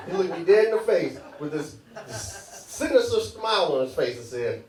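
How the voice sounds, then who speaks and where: Stand-up guy, kinda high voice, chatty and laughing along, roomy club with a crowd reacting. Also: big pitch swings, normal speed. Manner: loose, chatty, laughing at his own jokes. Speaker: stand-up comedian. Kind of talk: stand-up comedy set. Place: comedy club stage. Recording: echoey club, mic at a distance, crowd.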